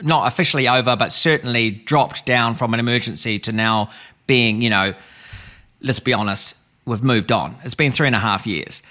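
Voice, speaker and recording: A man hosting a comedy podcast, rambling and slowing down on purpose. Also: mid-range voice, bright, forceful tone. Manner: meandering, slows for comic effect. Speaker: podcast host. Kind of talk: casual comedy chat.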